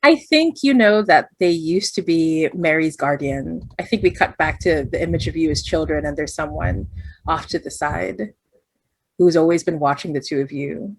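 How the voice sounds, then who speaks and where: Woman game master, lower register, dry close mic, chatty scene-setting narration. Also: moderate pace, husky, no echo. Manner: descriptive, thinking aloud with many fillers. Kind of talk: narrating a tabletop role-playing game.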